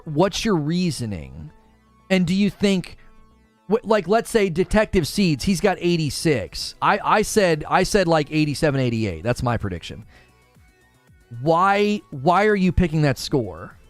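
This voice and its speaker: A man's voice: fairly high pitch, no echo. Chatty man hosting a gaming stream. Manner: chatty, reads viewer comments aloud quickly. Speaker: gaming livestream host. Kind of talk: casual livestream chat with viewers.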